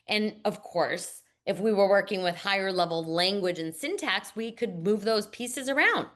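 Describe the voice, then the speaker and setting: A woman's voice: mid-range voice, lively intonation, moderate pace, a bit bright. A woman literacy instructor walking teachers through a reading lesson, modeling classroom routines. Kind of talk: teacher training demonstration.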